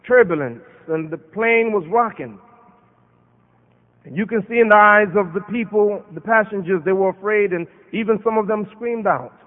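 An American man giving an impassioned sermon at a Muslim conference, quoting Arabic verses. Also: sits high. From United States. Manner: impassioned preaching with Arabic quotations. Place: large conference hall. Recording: phone-like sound with long hall reverb.

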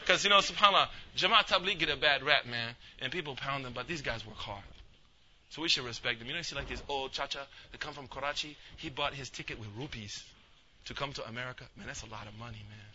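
A man's voice: mid-range voice, quick pace, bright, forceful tone, slight background noise. A male imam giving a casual, storytelling religious talk. He acts out the people in his story and mixes street slang with Arabic religious phrases. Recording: dull lo-fi recording.

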